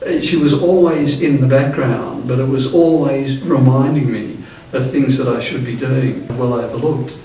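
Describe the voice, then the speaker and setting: A man in his seventies recalling the past in a thoughtful, halting way, with many restarts. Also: mid-range voice, dark tone. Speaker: interviewee. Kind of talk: reflective reminiscing. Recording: roomy echo, distant mic.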